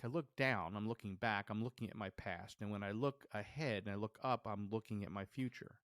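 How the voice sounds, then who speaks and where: A man hosting a podcast, telling a personal story in a lively way and acting out the dialogue he remembers. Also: fairly low pitch, moderate pace, hardly any pauses, no echo, studio quality. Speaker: podcast host.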